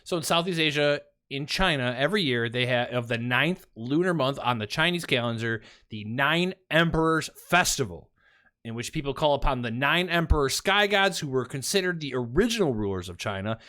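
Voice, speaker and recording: A man's voice: medium pitch, lively intonation, a little fast, sharp tone. A man co-hosting a casual podcast, joking around, swearing freely and breaking into silly voices now and then. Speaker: podcast co-host. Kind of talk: casual chat.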